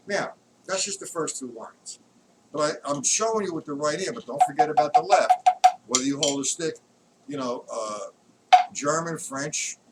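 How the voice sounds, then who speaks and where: Drum teacher counting beats, heard from afar. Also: male voice, a little high, very noisy. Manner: counts beats aloud while demonstrating. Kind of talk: live-streamed drum lesson. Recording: distant mic, loud drumming and clicks.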